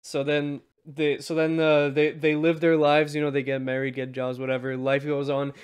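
A man's voice: a little high, completely flat delivery, normal speed, smooth. A man co-hosting a film podcast, casually retelling scenes and laughing easily. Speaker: podcast co-host. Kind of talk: casual film review chat.

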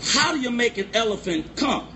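A man doing a loud, playful stand-up comedy set and teasing the crowd. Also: very high voice, very animated, moderate pace. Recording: noisy live recording.

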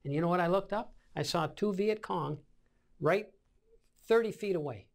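A man's voice: high voice, normal speed, gravelly. A man in his seventies, a war veteran, recounting combat memories in an oral-history interview, acting out scenes with sound effects. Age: 70s.

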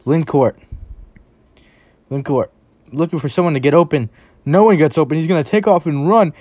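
A play-by-play commentator calling a game live, calm on routine snaps and breaking into excited shouts on big plays. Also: medium pitch, moderate pace, no room sound.

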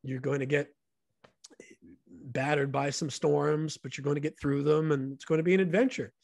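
A man's voice: a little high, steady tone, moderate pace, gravelly, darkish tone, no echo, studio quality. A man, a guest on a podcast, telling stories in an earnest and enthusiastic way. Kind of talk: casual storytelling conversation.

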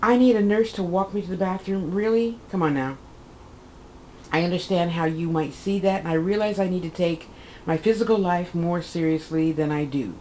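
A woman in her fifties with a lowish voice chats through a long personal story, wandering off track and correcting herself. She plays her own side of conversations with lively bursts. A faint hiss sits under the recording. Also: moderate pace, poor audio. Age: 50s. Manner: rambling, chatty, self-correcting, acts out her own quotes. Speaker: vlogger. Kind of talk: casual personal vlog storytelling.

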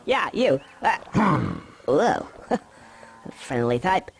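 A man's voice: on the high side, big pitch swings, extremely slow, gravelly, slight background noise, heavily acted. A man voicing a cocky, sarcastic young male squirrel in a video game. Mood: wry. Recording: game audio with music behind.

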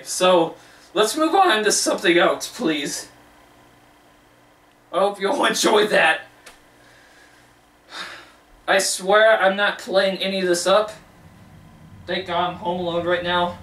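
A woman's voice: fairly low pitch, fairly bright tone, reverberant, distant mic. A woman gamer at home commentating a horror game, jumpy and swearing, often screaming. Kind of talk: let's play commentary. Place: at home, indoors.

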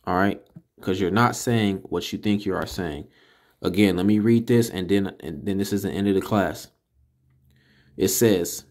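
A man teaching a casual class, correcting pronunciation in an emphatic way and slowly sounding out syllables one by one. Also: sits low, darkish tone. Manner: slow, deliberate, repeats and sounds out syllables. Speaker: teacher of a religious language class. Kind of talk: casual spoken lesson.

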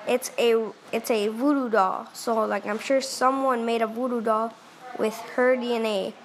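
A woman casually reacting out loud as she reads a chat story, excitable and full of quick exclamations. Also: fairly high pitch, a little hiss or hum. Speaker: vlogger reading a chat story.

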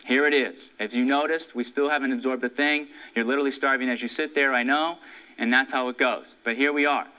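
A man delivers a classroom lecture with a bright, forceful tone and a mid-range pitch. He drives home each point with emphasis, quizzing the room and answering his own questions. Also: fairly even intonation, a little fast, low-quality recording. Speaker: instructor.

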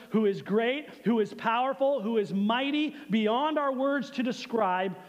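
A man with a very high voice preaches a sermon in a church sanctuary, his words trailing into a long reverb. He leads the congregation in call and response and slows to a hushed delivery on key phrases. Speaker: pastor.

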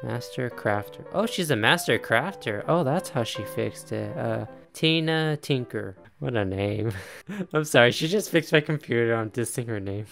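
A man's voice: medium pitch, lively intonation, moderate pace, vocal fry, fairly bright tone, soft background music. Chatty man narrating a life-sim game. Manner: chatty, laughs often, talks to game characters. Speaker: gaming YouTuber. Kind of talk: casual let's-play commentary.

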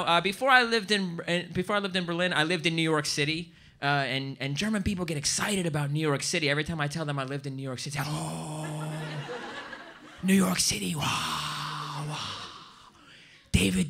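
An American man doing stand-up comedy on stage, animated and bursting into loud, shouted impressions. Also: sits high. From United States. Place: stage before a live audience.

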